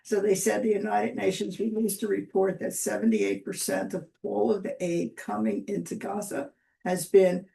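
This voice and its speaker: A woman's voice: mid-range voice, level tone, moderate pace, vocal fry, warm tone, slight background noise. A woman in casual discussion, earnest and talking over the other speaker.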